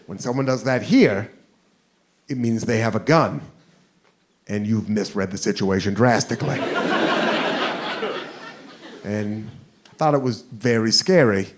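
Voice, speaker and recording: A man's voice: lowish voice, unhurried, long pauses. A man doing stand-up storytelling, self-mocking and acting out the scene. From United States. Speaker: stand-up comedian. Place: theater stage before a live audience. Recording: live show with audience laughter and noise.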